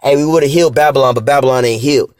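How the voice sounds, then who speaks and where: Speaking very fast at a medium pitch, a vlogger rants casually while reading articles aloud. His talk is preachy and scripture-quoting, profane and repetitive, and nearly every line finishes with "man."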